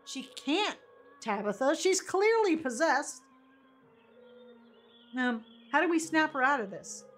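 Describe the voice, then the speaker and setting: Brief: giggly woman streamer, unhurried delivery, reads game dialogue aloud. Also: high voice, a bit bright. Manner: giggly, reads game lines with quick reactions. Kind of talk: live game playthrough, reading dialogue aloud.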